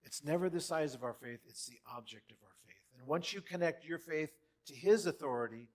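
A man with a fairly high voice preaches a sermon in a church hall. He is animated and dramatic, jumping between loud bursts and quiet asides. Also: a little fast. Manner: animated, dramatic quoting with big swings in loudness. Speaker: pastor.

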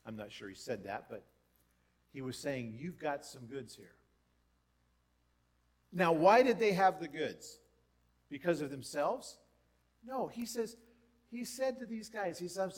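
A man's voice: lively intonation, measured pace, pauses often. A man preaching a sermon as pastor, conversational with asides and rhetorical questions, his voice rising for emphasis. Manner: lists in a lowering voice, rises for emphasis.

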